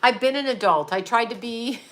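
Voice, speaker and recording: A woman's voice: a little high, brisk, fairly bright tone. A middle-aged woman hosting a casual live stream from her home, rambling and chatty, often laughing. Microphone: home video call setup.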